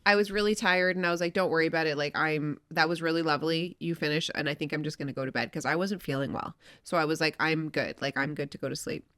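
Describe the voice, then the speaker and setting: A woman in her thirties, co-hosting a frank couple's podcast and telling stories with lots of laughter. Her voice sits a little low for a woman, yet it comes across bright and forceful. The sound is close and dry. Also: quick pace, few pauses, no echo. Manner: laughing, animated storytelling, swearing. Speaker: podcast co-host. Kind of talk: candid couple's chat.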